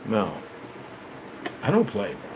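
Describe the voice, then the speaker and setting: A man ranting on a livestream, cursing a lot and swinging between loud outbursts and low mutters. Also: huge pitch swings, slow, background noise. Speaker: livestream host. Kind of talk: rambling livestream rant.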